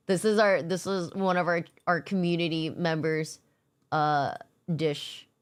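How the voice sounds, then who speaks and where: A woman's voice: lowish voice, steady tone, slow pace, smooth. Young woman streamer just chatting, swears a ton, laughs easy, chill vibe. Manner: laid-back, swears a lot, laughs often. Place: home streaming setup.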